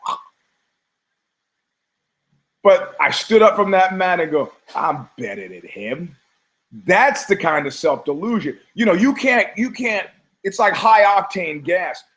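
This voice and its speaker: A man hosting a talk show, delivering a rambling, emphatic monologue, swearing, stumbling over words and slipping into quick mimicry of other people. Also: a little high, a bit bright. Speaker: podcast host. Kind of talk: opinionated monologue.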